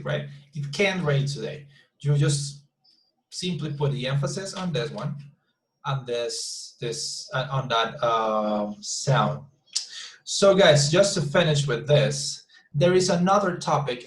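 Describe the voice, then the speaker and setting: A man's voice: on the high side, roomy sound, poor audio. A man teaching an English class over a video call, repeating words as he searches for them and modeling sentences with exaggerated stress.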